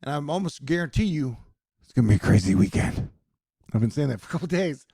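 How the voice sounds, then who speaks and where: A man casually covering the news on his vlog, reading tweets aloud and making jokey asides, at times rising to loud excited questions. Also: medium pitch, fast talker, gravelly, slightly rough, no echo, studio quality. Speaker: online news commentator. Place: home in Texas.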